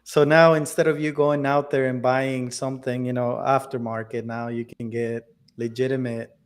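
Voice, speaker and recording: A man's voice: mid-range voice, flat delivery. A man co-hosting a tech podcast, talking casually with many fillers and restarts. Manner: halting, many fillers and restarts, laughs often. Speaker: podcast co-host.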